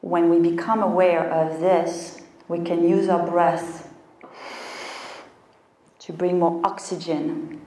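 A health coach tells her story with animated storytelling, slipping into her own inner voice as she goes. Her voice sits a little low and reaches the mic from a distance, carried through a roomy, echoing space. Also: slow pace, long pauses. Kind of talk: motivational talk.

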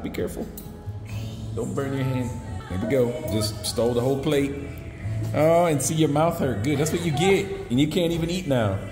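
A man's voice: medium pitch, brisk. A man filming a casual restaurant vlog, joking and teasing his dinner partner. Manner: teasing, playful banter. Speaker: food vlogger. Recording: echoey room with music.

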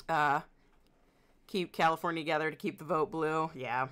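A woman with an Indiana accent chatting casually with her viewers as a livestreamer, in a wry, joking way and quick to laugh. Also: low-pitched, fairly even intonation, fairly bright tone, clean tone. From Indiana, United States.

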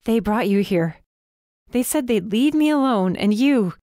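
A woman voicing a frightened but defiant young female student, emphatic and often shouting. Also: fairly high pitch, lively intonation, measured pace, no echo, clean studio sound, pitched above the performer's own voice. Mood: angry. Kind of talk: audiobook character voice.

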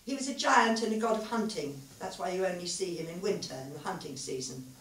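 An earnest, worn-out physicist speaks quietly and confidingly to his partner, voiced by a woman reading her story aloud. The sound is roomy and distant, with faint ambience behind. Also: fairly low pitch, animated, brisk, slight background noise, voice pushed up. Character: thoughtful, weary male physicist, gentle lover. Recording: echoey hall, mic far off.

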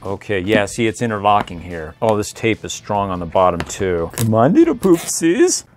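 A man's voice: fairly low pitch, big pitch swings, normal speed. A man hosting a toy unboxing review, joking playfully and chuckling as he talks. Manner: playful, jokey, chuckling often.

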